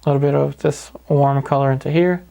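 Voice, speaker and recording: Calm gravelly man teaching painting. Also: fairly high pitch, fairly quick. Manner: calm, easygoing, talks through each step. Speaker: painting instructor. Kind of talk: paint-along tutorial narration.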